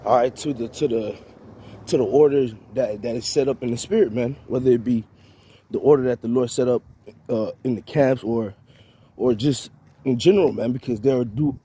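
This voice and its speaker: A man preaching in a loose, rambling rant. His voice is mellow and somewhat husky, mid-pitched, with frequent restarts and repeated words. He keeps ending phrases with "man" and "all right". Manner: halting, repeats words, tags lines with "man". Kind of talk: informal spiritual rant.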